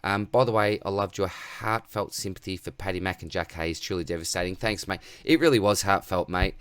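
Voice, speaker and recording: A man's voice: sits low, fairly quick, a bit bright, smooth, no room sound. A man with an Australian accent hosting a casual livestream Q&A, reading viewer questions aloud and answering in a laid-back way, calling everyone mate. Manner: laid-back, reads chat aloud, says mate constantly.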